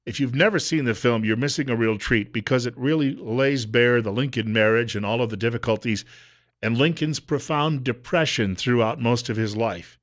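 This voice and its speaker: A man's voice: medium pitch, moderate pace. Man hosting talk radio, casual storytelling, uh fillers and repeats, studio mic. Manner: conversational, with frequent uh fillers and repeats.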